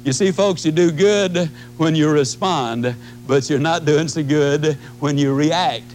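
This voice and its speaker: A man's voice: measured pace, darkish tone, faint music behind, low-quality recording. A man in his fifties giving a motivational talk, emphatic and folksy, acting out his own reactions. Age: 50s. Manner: emphatic, folksy, swings pitch to act out reactions. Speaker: motivational speaker. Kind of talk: motivational talk with acted-out anecdotes.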